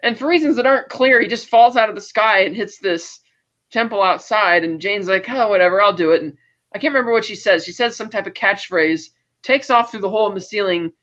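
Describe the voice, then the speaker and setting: A high-pitched man with a bright, forceful edge to his voice hosts a casual movie review chat. He retells scenes with animation and slips into the characters' lines as he goes. The sound is dull and lo-fi. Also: fairly quick. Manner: animated storyteller, acts out lines of dialogue. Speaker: podcast host, film reviewer.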